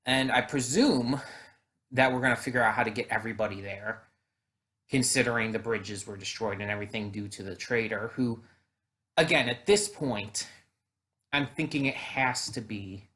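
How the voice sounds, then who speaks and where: A man's voice: on the low side, moderate pace, long pauses, bright, forceful tone. A man hosting an anime reaction video, chatting casually with frequent fillers and restarts.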